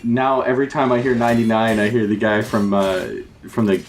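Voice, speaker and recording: Male co-host, lower voice, giggly and needling. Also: level tone, fairly quick, slight background noise. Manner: laughs often, needling. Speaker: podcast co-host. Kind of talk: casual podcast chat.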